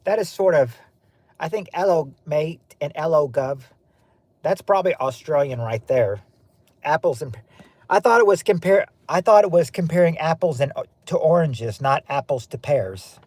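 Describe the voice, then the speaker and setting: Dry recording captures a fairly high, expressive voice with a darkish tone and breathy edge at a moderate pace. The speaker is a Southern US stream host from the South who rambles and repeats himself while addressing his chat.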